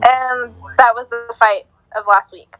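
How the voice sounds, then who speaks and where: Young woman co-host, high voice, slow easy delivery, dry close sound, giggly. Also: steady tone, fairly bright tone, no room sound, poor audio. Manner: giggly, stumbling over names. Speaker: co-host giving sports news. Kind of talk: casual podcast chat.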